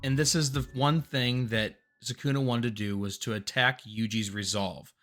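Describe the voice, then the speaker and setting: Casting note: bright-voiced man, casual story-recap host, earnest and rambling, faint music underneath. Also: medium pitch, moderate pace. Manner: earnest, rambling, gets excited and louder at big moments.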